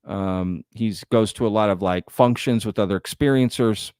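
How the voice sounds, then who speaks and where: A man from Texas talks loosely through his live stream, folksy and chatty as he addresses his viewers. His voice sits a little low and sounds smooth and clear. It is recorded dry and close to the mic. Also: normal speed, a little mellow, no room sound. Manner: casual, chatty, folksy with "y'all". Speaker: host. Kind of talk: live-stream news commentary.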